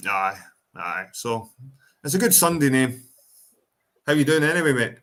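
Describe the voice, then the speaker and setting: Scottish male streamer, foul-mouthed, loose and rambling, mid-pitched voice. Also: lively intonation, normal speed, fairly bright tone. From Ireland, raised in Scotland. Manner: profane, rambling, reads chat aloud. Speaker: livestream host. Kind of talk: casual livestream chat.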